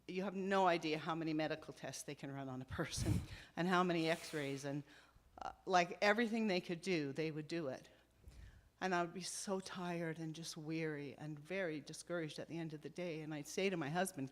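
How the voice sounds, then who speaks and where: A middle-aged woman sharing a personal faith testimony with a church congregation, telling her story slowly and from the heart. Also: low-pitched. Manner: slow, heartfelt storytelling with soft dips.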